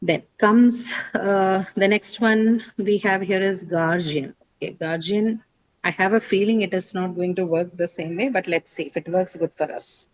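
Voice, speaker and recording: A woman's voice: mid-range voice, steady tone, normal speed, low-quality recording. A woman teacher explaining word stress to a class, patient and explanatory, with many fillers.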